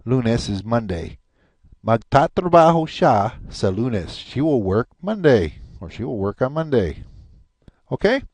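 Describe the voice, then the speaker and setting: Male teacher, slow and patient, lively pitch, dry close mic. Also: no room sound. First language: English. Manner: patient, repeats each word slowly, chatty asides. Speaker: language teacher. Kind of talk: recorded language lesson.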